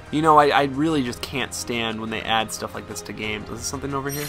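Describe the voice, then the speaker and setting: A young man giving casual, excitable let's-play commentary, often incredulous and swearing. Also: mid-range voice. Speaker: gameplay commentator.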